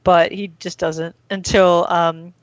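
Casual woman chatting, loads of ums, low-ish voice, dry and a bit muffled lo-fi sound. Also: level tone, slow, no room sound. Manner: rambling, many fillers, acts out quotes. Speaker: podcast host recapping an episode. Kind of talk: casual chat.

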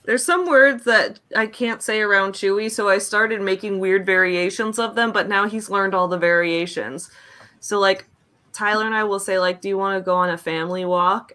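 A young woman co-hosts a casual podcast with a bright, ringing tone. She chats loosely, laughing often and acting out her dog's reactions in playful voices. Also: fairly low pitch. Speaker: podcast co-host. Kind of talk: casual chat.

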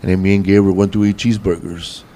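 A man's voice: low-pitched, little pitch movement, fast, mellow, a little hiss or hum. A comedian in his forties telling stories in casual chat, rambling, swearing freely and using loose street slang. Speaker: comedian guest.

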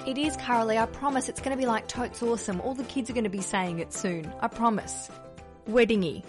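A woman's voice: fairly high pitch, fairly quick, over music. Bubbly Australian woman hosting a podcast. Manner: bubbly and joking. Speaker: podcast host. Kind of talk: casual podcast chat.

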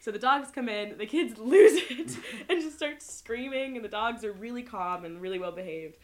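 A woman's voice: a little high, normal speed. A young woman in casual chat with friends, telling a long story with lots of laughs and acted-out quotes. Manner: laughs often, animated storytelling with voiced quotes.

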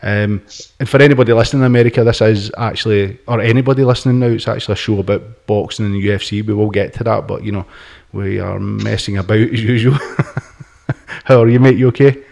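A man's voice: on the low side, steady tone, fast talker, vocal fry, a little mellow. A British man co-hosting a casual podcast, rambling, repeating words and swearing freely. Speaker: podcast co-host.

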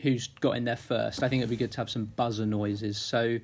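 A man's voice: medium pitch, little pitch movement, brisk, slightly rough. A male host running a casual interview, friendly and teasing, with lots of fillers. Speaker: podcast host.

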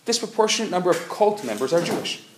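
A man speaking as a rabbi, giving a live lecture and telling jokes with lively storytelling. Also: high voice, quick pace. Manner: animated joke-telling storyteller. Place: community center lecture hall. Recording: echoey hall, faint noise.

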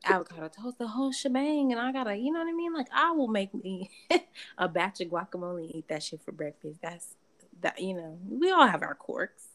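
A woman's voice: medium pitch, sing-song, fairly quick, fairly bright tone. A woman co-hosting a podcast, chatting casually, laughing often and swearing freely. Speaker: podcast co-host. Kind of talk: casual chat.

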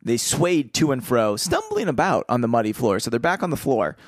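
A man's voice: mid-range voice, very animated, brisk, dry recording, studio quality. A man co-hosting a casual podcast, reading a book aloud and breaking off to riff with jokes. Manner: reads passages then riffs with jokes and laughs. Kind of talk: casual comedic read-along chat.

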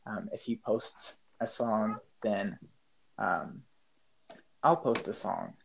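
A man's voice: fairly low pitch, takes it slowly, creaky, a bit bright, a little hiss or hum, low-quality recording. A man chatting casually as a podcast guest, hesitant and full of ums and uhs. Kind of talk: casual chat.

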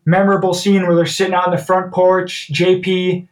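A man with a high voice talks loosely through a film, and his sentences keep running on with fillers. He sits a little back from the mic, so the sound is slightly distant. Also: little pitch movement, normal speed. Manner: rambling, many "like" and "you know" fillers. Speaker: podcast co-host. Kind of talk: casual movie discussion.

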